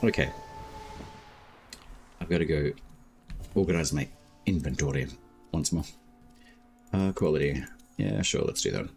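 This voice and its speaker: A very deep-voiced Australian man chats while streaming a game. He speaks slowly and easily, with plenty of filler words, and faint music plays behind him. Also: creaky, a little mellow. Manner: slow, laid-back talk with many "like" fillers. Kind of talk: casual live-stream chat.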